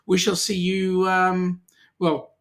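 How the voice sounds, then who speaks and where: A man's voice: sits high, completely flat delivery, takes it slowly, a bit bright. A man with an Australian accent co-hosting a casual live-stream chat, greeting viewers by name and teasing them. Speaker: podcast co-host.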